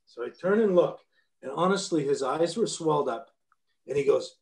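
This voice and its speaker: A man's voice: on the high side, lively intonation, moderate pace, vocal fry, a little mellow, roomy sound. A man in his fifties, a former pro hockey player guesting on a podcast, telling stories in a blunt, profane way with many restarts. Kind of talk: casual storytelling interview.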